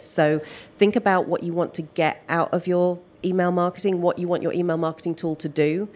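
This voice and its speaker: A low-pitched woman speaking on a panel in a large hall at a business event. Her voice is slightly hoarse because she is losing it. She answers in a direct, wry, confident way. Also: darkish tone. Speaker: panel expert.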